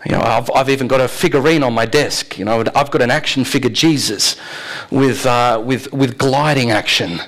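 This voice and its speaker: A man's voice: medium pitch, normal speed, fairly bright tone, rough recording. A man preaching a sermon in a conversational way, asking the congregation rhetorical questions and often laughing. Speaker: pastor.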